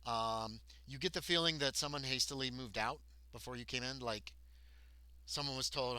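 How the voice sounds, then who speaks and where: A man's voice: mid-range voice, normal speed, sharp tone, clean tone, no room sound. A man narrating a tabletop game as game master, rambling along with many ums and self-corrections.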